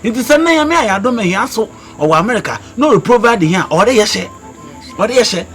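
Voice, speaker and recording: An actor playing a greedy Ghanaian father, excitable and fawning at the talk of dollars. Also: high-pitched, fast, faint music behind. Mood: scheming.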